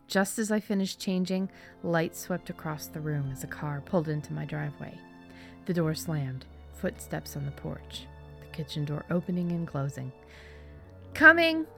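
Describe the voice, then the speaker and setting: A woman narrating a short spooky story in a measured, expressive way. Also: low-pitched, vocal fry. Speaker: story reader. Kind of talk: scripted narration.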